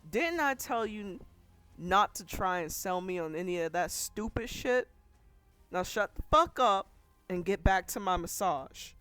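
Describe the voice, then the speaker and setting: A man's voice: high-pitched, animated, measured pace, sharp tone, clear, resonant tone, no echo, faint music behind, full character voice. Man putting on a foul-mouthed woman fighter. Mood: angry. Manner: coarse, blunt, swearing. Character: gruff hot-tempered woman fighter client.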